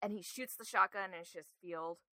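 A woman co-hosting a horror podcast, chatting casually and retelling scenes in an animated way. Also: mid-range voice, fairly quick, no room sound. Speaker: podcast co-host. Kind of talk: casual chat.

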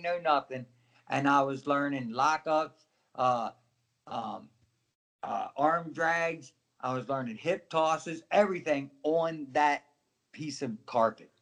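An animated middle-aged man with a voice sitting a little above the usual male range spins wrestling tales in a relaxed interview. He acts out the people in his stories, chuckles often and keeps calling the listener "man.". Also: fairly high pitch, measured pace. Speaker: professional wrestler. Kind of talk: casual storytelling interview.

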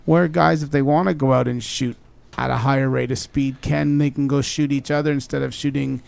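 A man on a casual panel, explaining things in a measured way. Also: mid-range voice, steady tone, gravelly, darkish tone.

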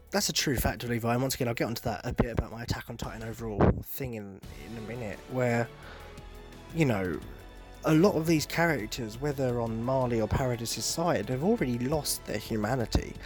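A man's voice: medium pitch, moderate pace, faint music behind. Exasperated, swearing man. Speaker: anime reviewer. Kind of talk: casual video commentary.

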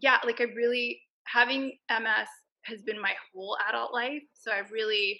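A woman from Canada speaks as a podcast guest, her voice very bright and sharp and a touch high. She answers thoughtfully, pausing with fillers as she goes. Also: lo-fi sound. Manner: relaxed and thoughtful, with hesitations and fillers. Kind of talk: casual interview answers.

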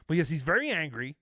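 A man's voice: fairly high pitch, sharp tone, no room sound, studio quality. A man hosting a podcast, commenting on stream clips with sarcasm and frequent laughter. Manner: amused, sarcastic, laughing often. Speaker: podcast host reacting to clips. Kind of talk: casual commentary.

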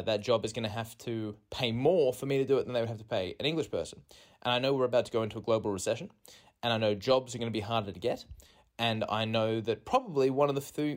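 A man talking solo into a phone in a rented flat, spinning out a meandering comic monologue at a mid-range pitch. He keeps mocking himself and his voice leaps suddenly upward on asides. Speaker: podcast host. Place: rented apartment. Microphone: phone recording.

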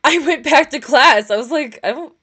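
A woman's voice: sits high, expressive, normal speed, bright, forceful tone. A young woman from upstate New York, co-hosting a casual podcast over voice chat and telling rambling, profane stories with laughs. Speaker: podcast co-host. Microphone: push-to-talk voice chat.

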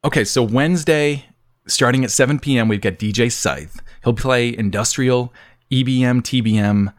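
A man's voice: mid-range voice, normal speed. A man hosting a casual podcast chat, playful and laughing often as he reads through a list. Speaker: podcast host.

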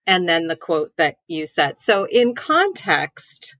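A woman guest on a podcast panel chat who talks in a measured way and lays out context. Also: fairly low pitch, big pitch swings, a bit bright, dry recording, dull audio.

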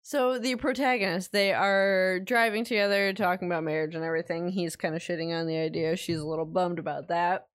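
Brief: woman with a lowish voice, casually walking through a movie plot, teasing, dry close sound. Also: steady tone, brisk, few pauses, dry recording. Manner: narrating plot step by step, teasing. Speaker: podcast co-host. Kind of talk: casual movie recap chat.

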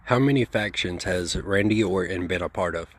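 A man reading out trivia questions and confirming answers in a measured, deliberate way. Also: sits low, husky. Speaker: trivia quizmaster.

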